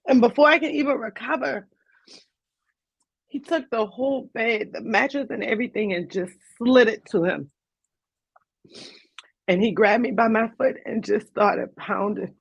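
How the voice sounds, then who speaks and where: A woman's voice: fairly high pitch, measured pace, vocal fry, pauses often, slightly rough, dry recording. A woman, a guest on an interview show, earnestly retelling a personal story in vivid detail. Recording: dull lo-fi dry sound.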